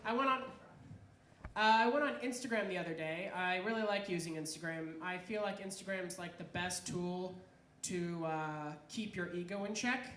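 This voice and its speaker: A comedian doing an animated stand-up set at an open mic, acting out voices as she goes. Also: fairly low pitch. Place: club stage at open mic. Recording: echoey club room, faint noise.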